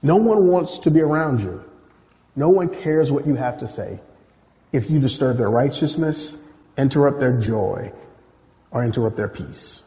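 A man's voice: mid-range voice, lively intonation, normal speed, dark tone, long reverb tail. A man preaching a sermon, telling stories animatedly and acting out quoted voices. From Nigeria.

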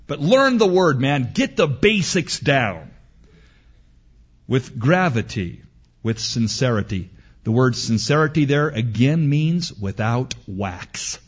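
A middle-aged preacher speaks slowly and deliberately, with a husky voice whose pitch swings widely. He tells stories and repeats his points with emphasis. The recording sounds dull and lo-fi. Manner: storytelling, repetitive, emphatic. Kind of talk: sermon.

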